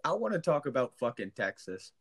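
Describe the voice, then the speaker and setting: A man's voice: mid-range voice, very animated, brisk, fairly bright tone, slightly rough, dry recording, studio quality. Laid-back man teasing his co-host. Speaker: podcast co-host. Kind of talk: casual chat.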